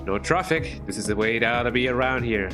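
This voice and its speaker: A man reading a gruff middle-aged police detective from a video game in his normal voice. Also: medium pitch, lively intonation, fairly quick, over music, close to an everyday voice. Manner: plain reading of game dialogue.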